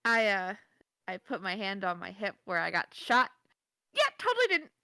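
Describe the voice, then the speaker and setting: Bright-voiced woman playing her character. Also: medium pitch, moderate pace, gravelly, clean tone, dry recording, rough recording. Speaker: player. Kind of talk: in-character role-play.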